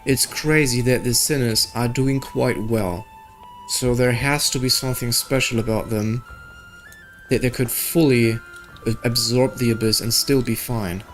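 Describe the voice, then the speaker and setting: A man's voice: mid-range voice, steady tone, unhurried, faint music behind. A young man chatting casually and joking while playing a game, reading its dialogue aloud. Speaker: gaming video creator.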